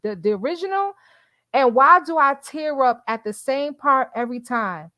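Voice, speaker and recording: A woman's voice: sits high, animated, moderate pace, pushed and bright, no room sound. A woman hosting a casual livestream who chats with her viewers, calls them y'all and laughs often. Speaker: livestream host reading the chat.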